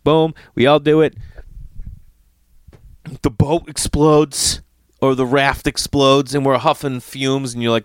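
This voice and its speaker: A man's voice: medium pitch, normal speed, clear, resonant tone, no echo, clean studio sound. A man telling a rambling travel story, swearing freely and acting out what people said. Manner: profane, animated, acts out quotes. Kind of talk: casual storytelling monologue.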